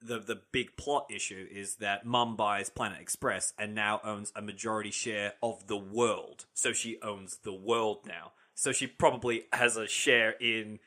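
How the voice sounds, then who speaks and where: Man, podcast co-host, casual chat, bright forceful voice, animated. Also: fairly low pitch, measured pace, few pauses. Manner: animated, quotes scenes in put-on voices, laughs often.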